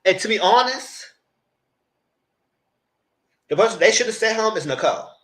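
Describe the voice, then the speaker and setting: A man hosting a live discussion of a reality show, dramatic and sassy, swinging into high exclamations. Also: expressive, normal speed, fairly bright tone, echoey room. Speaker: host.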